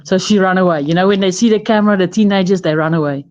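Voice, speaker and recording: A woman's voice: lowish voice, fast, darkish tone, muffled recording. A chatty woman with a South African accent, talking casually into her phone while lying on her bed at home. She rambles from one thing to the next and laughs often. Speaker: guest on a live stream. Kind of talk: casual chat.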